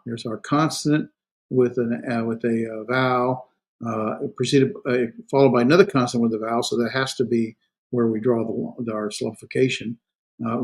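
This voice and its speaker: A man teaching a recorded language class, explaining grammar with many fillers and self-corrections, and slowing down to sound out words syllable by syllable. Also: mid-range voice, steady tone, vocal fry, low-quality recording. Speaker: Hebrew instructor.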